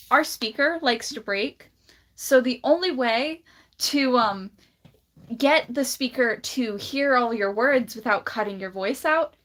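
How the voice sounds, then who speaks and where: A woman's voice: fairly high pitch, a bit bright. A woman chatting casually on a livestream, blunt and laughing often, with a slight lisp. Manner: blunt, laughs often, drawls words out slowly.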